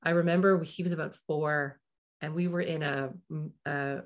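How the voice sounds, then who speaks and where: A middle-aged woman with a fairly low voice hosts a parenting show. She talks casually and warmly explains her points, breaking off for asides and acting out quick snatches of dialogue. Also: fairly even intonation, dull audio. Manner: chatty, full of asides and acted-out quotes. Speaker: parenting podcast host. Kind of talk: casual advice talk.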